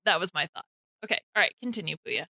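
Bright, quick-talking female co-host. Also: fairly low pitch, animated, creaky, breathy edge, no room sound, studio quality. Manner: quick, laughs easily. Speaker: podcast co-host. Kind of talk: casual chat.

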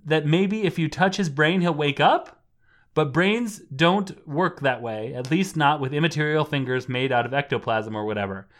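A man's voice: a little high, moderate pace. A man co-hosting a comedy podcast, reading an adventure book aloud with dry, sarcastic asides. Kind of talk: casual comedic chat and narration.

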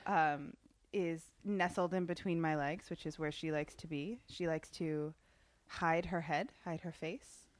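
A woman as a guest in a relaxed chat, describing things in an easygoing way and laughing readily. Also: sits low, a little slow, dry recording. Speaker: podcast guest. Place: indoors, sitting in a papasan chair with her dog.

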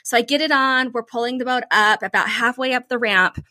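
Casting: upbeat woman storyteller, bright and slightly high, dry close mic. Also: fairly quick, no echo. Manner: animated, lots of "like", playful self-praise. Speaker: podcast co-host. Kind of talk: casual storytelling chat.

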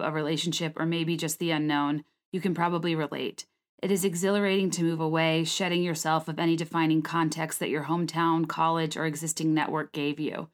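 A woman in her late twenties with a slightly low voice talks quickly and casually, using lots of filler "like"s. She then reads her own blog post aloud in a conversational monologue. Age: late 20s. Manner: fast-talking, many filler "like"s.

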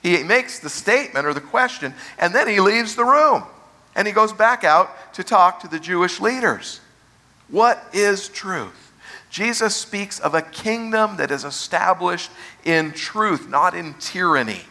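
Pastor, male, preaching a sermon; brightish, somewhat high voice that slows to stress key phrases. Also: expressive.

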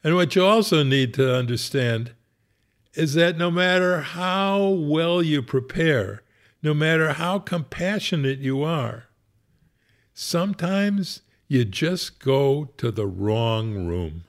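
A man's voice: fairly high pitch, expressive, takes it slowly. A man who is a rabbi, wryly telling a humorous personal story in a conversational way. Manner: wry, conversational, laughs at his own story.

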